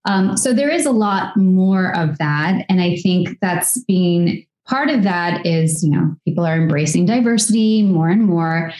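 A woman in her thirties talks through her experience in a relaxed interview. She is reflective and chatty, with plenty of fillers as she thinks aloud. Her voice sits low, and the room around her gives it a noticeable echo. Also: unhurried, hardly any pauses. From United States. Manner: reflective, talkative, many fillers. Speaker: actress and guest. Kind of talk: casual interview conversation. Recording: echoey room.

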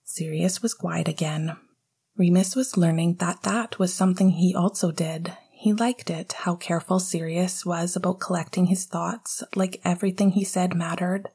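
A woman whispering a story aloud in a hushed, intimate reading. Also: lowish voice, fairly even intonation, normal speed, husky. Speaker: narrator. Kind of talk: whispered narration.

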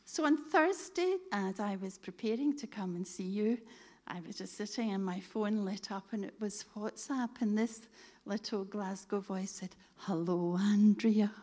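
A middle-aged woman telling a lively faith story to a church audience, acting out the dialogue. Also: mid-range voice, moderate pace. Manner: lively, animated storytelling, quoting others in dialogue. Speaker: speaker telling a testimony.

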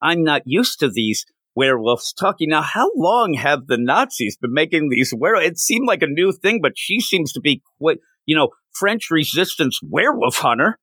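A man's voice: a little high, normal speed, hardly any pauses, slightly rough, dry recording. A man co-hosting a podcast, chatting casually about comic books and acting out the characters' lines as he goes. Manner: animated, acts out quoted characters. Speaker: podcast co-host. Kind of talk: casual comic book review chat.

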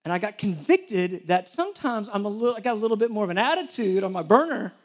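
Man preaching, high-pitched voice, animated and joking, sermon delivery. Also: fast talker. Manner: animated storytelling with self-deprecating humor. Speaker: church director and preacher. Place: church hall with a live audience.

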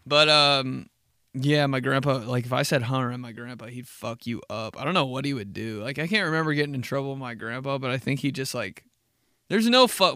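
A man's voice: mid-range voice, a bit bright, no room sound, clean studio sound. A young man hosting a podcast, telling rambling, profane, comedic stories and laughing at himself. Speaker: podcast host. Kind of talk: casual comedic storytelling.

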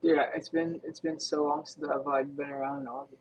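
A young man from the United States talks casually as a podcast guest. His relaxed, easygoing delivery is full of filler words, and his voice sits a little higher than most men's. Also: fairly quick, a little hiss or hum, low-quality recording. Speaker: guest, racer. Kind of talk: casual chat.

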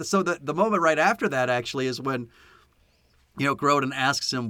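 Man, podcast co-host, casual chat, bright tone, dry close mic. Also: medium pitch, brisk, dry recording. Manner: animated, laughs often, acts out movie lines. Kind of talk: casual chat about a film.

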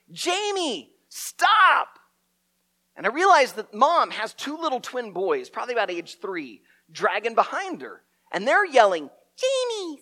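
A middle-aged man telling a story as a preacher, animated and often repeating his words. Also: sits high. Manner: lively storyteller, acts out shouted quotes, stumbles and repeats words.

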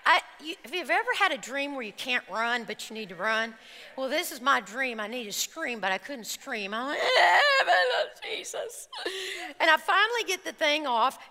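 A woman preacher telling an animated personal story in a sermon, acting out the scenes before turning to scripture. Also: high-pitched, a little fast. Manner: animated storytelling, acts out screams and quotes. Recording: reverberant hall.

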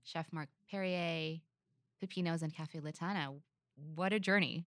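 Low-voiced woman hosting an interview. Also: a little slow, a bit bright, no echo, studio quality. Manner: attentive, frequent short affirmations. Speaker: podcast host.

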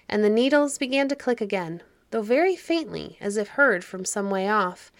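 Woman narrator, fairy tale audiobook, measured, dry close sound. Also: fairly high pitch, expressive, no echo. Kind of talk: scripted storybook narration.

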